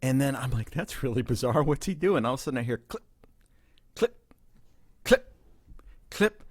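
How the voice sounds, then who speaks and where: A man's voice: mid-range voice, expressive, moderate pace, no room sound, studio quality. A man hosting a podcast, explaining and reasoning through an argument in casual banter. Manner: explaining patiently, reasoning, building a case. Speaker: podcast host.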